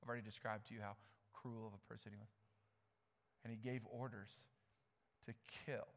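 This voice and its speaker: A man's voice: lowish voice, flat delivery, fairly quick, vocal fry. Conversational male pastor in a reverberant church. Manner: conversational, repeats words while building a point. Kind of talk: sermon.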